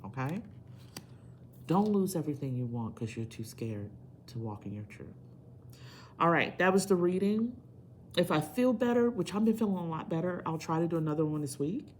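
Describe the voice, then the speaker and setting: A woman's voice: low-pitched, very animated, normal speed, a little mellow, a little hiss or hum. A woman tarot reader talking straight to her viewers in a casual video, earnest and emphatic like a pep talk.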